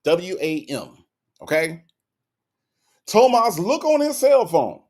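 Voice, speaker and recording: A man's voice: sits high, takes it slowly, heavy background noise. A man giving comic reaction commentary, teasing and talking straight to his viewers. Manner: animated, teasing, addresses viewers.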